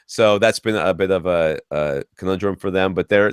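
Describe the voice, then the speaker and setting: A man around forty hosting a podcast, telling ranting stories in a casual, animated way with lots of restarts. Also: low voice, normal speed, clear, resonant tone, dry recording, studio quality. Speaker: podcast host.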